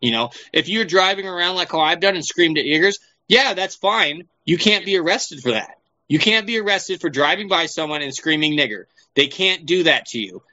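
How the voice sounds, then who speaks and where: A man in casual podcast talk with a fairly high, sharp, bright voice. He rambles, swears constantly and leans on fillers. The recording sounds dull and lo-fi. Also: animated, normal speed. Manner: profane, rambling, heavy on fillers. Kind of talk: casual chat.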